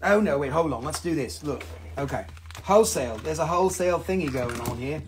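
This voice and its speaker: A man's voice: a little high, animated, fairly quick, slight background noise. A man hosting a casual live sale, rambling and joking, swearing freely as he shows his pieces. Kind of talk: casual live sales stream.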